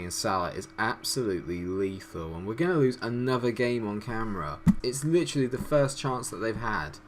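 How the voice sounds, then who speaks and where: Excitable lad, lowish voice. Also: male voice, a little hiss or hum. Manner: excitable, swearing, frustrated outbursts. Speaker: gaming YouTuber. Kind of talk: let's-play commentary.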